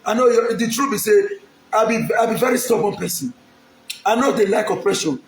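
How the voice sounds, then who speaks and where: A man's voice: high voice, a little fast, echoey room, slight background noise. A man from Edo State, Nigeria, with a Nigerian accent, making an emphatic, pleading public appeal straight to the camera and repeating his lines. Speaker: aspiring local politician.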